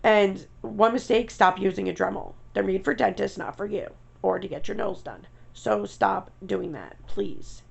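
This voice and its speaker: A young woman from New York who vlogs about dentures chats casually to camera in a mid-range, creaky voice with a breathy edge. She speaks at a moderate pace with hardly any pauses, blunt and rambling, full of asides and mild swearing.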